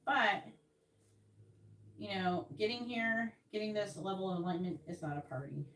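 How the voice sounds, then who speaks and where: A woman's voice: medium pitch, animated, a little fast, slight background noise. A woman giving psychic readings on a live stream, talking casually and rambling with many restarts, into earbuds.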